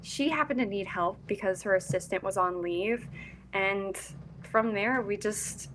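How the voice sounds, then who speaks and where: A woman's voice: medium pitch, a little slow, fairly bright tone. Young woman from Kentucky, chatty and giggly, podcast guest, faint background hiss. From Louisville, Kentucky. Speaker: actress and casting director guest. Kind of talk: casual interview.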